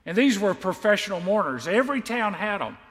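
A male pastor preaching a sermon and reading scripture, by turns emphatic and quietly confiding. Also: high-pitched, sing-song, a little fast, in a large hall. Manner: emphatic, swells loud on key lines, then drops quiet and confiding.

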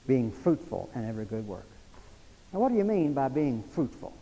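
A man's voice: medium pitch, very animated, normal speed, warm tone, in a large hall, poor audio. A male preacher delivering a sermon, building emphasis through repeated phrases. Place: church sanctuary.

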